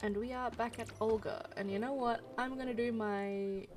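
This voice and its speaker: A woman streamer chatting casually while playing a game, musing out loud with frequent ums. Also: fairly high pitch, fairly even intonation, moderate pace, music in the background. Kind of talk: casual let's-play commentary.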